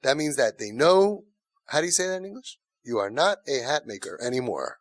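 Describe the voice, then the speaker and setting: A man's voice: medium pitch, brisk, no room sound, studio quality. Emphatic man coaching parents. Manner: emphatic, repetitive, animated. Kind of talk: lecture to parents.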